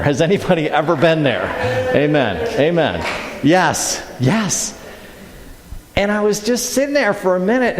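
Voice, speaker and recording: A middle-aged man preaching from a church stage, his voice a little higher than most men's. He tells stories with lively energy and acts out his reactions. The sound rings through a large hall with a long reverb. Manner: animated storytelling, acts out his own reactions. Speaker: speaker at a church service. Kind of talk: sermon.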